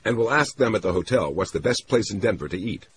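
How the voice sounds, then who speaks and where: A man's voice: fairly low pitch, lively intonation, fast, a bit bright, a little hiss or hum, pitched above the performer's own voice. A man reading an audiobook, voicing an anxious, eager young woman in a raised voice, breathless and pleading. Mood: determined.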